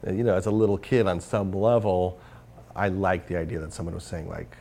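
A man's voice: low voice, a little fast, mellow. A man talking candidly in an interview as the guest, rambling with many fillers and restarts. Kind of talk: casual interview conversation.

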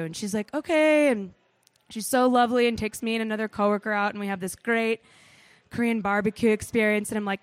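A woman telling a comic travel story on stage, animated, swearing freely and saying "like" a lot. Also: mid-range voice, brisk, no room sound. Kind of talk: live comedic storytelling.

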